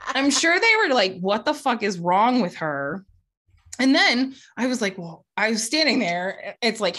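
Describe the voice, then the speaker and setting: A woman's voice: on the high side, fairly bright tone. A woman in her forties, a podcast co-host, telling candid, profane stories in casual chat. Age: 40s. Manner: candid, profane storytelling with laughs.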